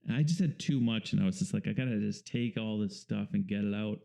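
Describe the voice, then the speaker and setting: A painter appears as the guest in a casual interview, explaining things in a relaxed, rambling way full of fillers. His voice is fairly low-pitched with vocal fry, and he speaks at a quick pace.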